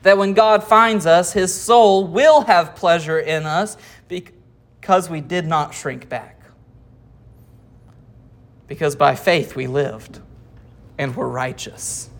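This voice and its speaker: Taking things slowly and pausing often, a pastor preaches an expository sermon at medium pitch, reading verses, explaining them, and putting rhetorical questions to those listening.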